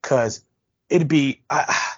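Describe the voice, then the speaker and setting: A middle-aged man hosting a casual podcast with his son, his voice husky and a little rough. He talks bluntly, throwing profane jabs. The recording is dry and dull, like a lo-fi home mic. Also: mid-range voice, drawn-out words, no room sound. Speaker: podcast host. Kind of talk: casual chat.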